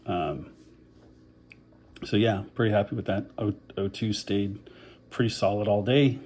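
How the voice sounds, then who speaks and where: A man's voice: fairly low pitch, fairly even intonation, unhurried, a little mellow. A man recovering from covid and on oxygen, talking in a rambling, casual video diary with lots of fillers and a short breath. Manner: rambling, many fillers, self-deprecating. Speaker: vlogger.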